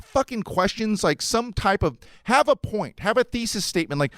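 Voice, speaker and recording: A man's voice: high-pitched, lively intonation, moderate pace, few pauses, a bit bright, no room sound, studio quality. Profane ranting podcast man. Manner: profane, rambling, sarcastic. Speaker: podcast host. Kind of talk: casual ranting monologue.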